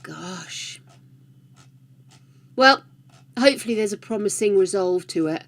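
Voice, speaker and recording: A woman's voice: medium pitch, lively intonation, fairly quick. A woman hosting a livestream, chatting casually with viewers, laughing often and greeting them by name. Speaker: livestream host.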